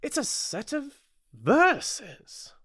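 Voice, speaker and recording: A man with a British accent voicing a fussy, nervous male rabbit courtier in a high, fluttery voice for an audiobook. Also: huge pitch swings, very slow, a bit bright, no room sound, studio quality, heavily acted. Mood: anxious, fussy. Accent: British English. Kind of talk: audiobook character voice.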